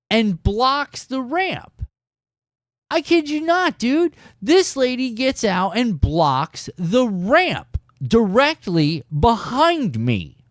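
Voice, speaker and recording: A man tells a story to his viewers in an emphatic, casual way, and his pitch leaps up and down as he talks. The sound is dry and close, with no room echo. He keeps turning to the audience to check they are following. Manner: animated and emphatic, keeps saying "dude". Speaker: fishing channel host.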